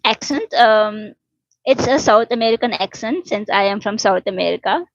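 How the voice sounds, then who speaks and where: A woman's voice: mid-range voice, animated, moderate pace, no echo. A woman from Suriname hosting a casual live chat, answering viewers' comments and teasing them. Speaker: livestream host chatting with viewers. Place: home in Delhi. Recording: dull dry lo-fi audio.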